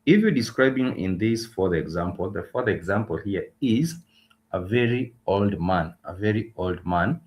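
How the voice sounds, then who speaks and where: A man teaching Swahili words in a livestreamed lesson, patient and repetitive, pausing often with filler sounds. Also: on the low side.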